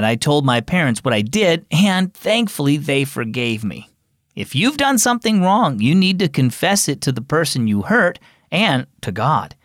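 A man hosting and narrating a children's devotional radio program, telling the story in a friendly, expressive studio voice. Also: mid-range voice, no room sound. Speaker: host and narrator.

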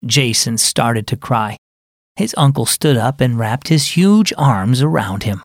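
A man's voice: mid-range voice, expressive, measured pace, no echo. A man hosting a children's devotional program, narrating a scripted story in a friendly, earnest way. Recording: dry studio voice with faint music.

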